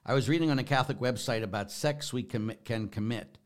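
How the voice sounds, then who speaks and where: A man's voice: medium pitch, quick pace. A middle-aged man, a Catholic priest, preaching in a folksy, joking way with emphatic bursts. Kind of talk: informal preaching talk.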